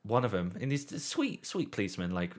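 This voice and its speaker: A man in a casual podcast chat, telling a long story with swearing and deadpan readings. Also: on the low side, fast.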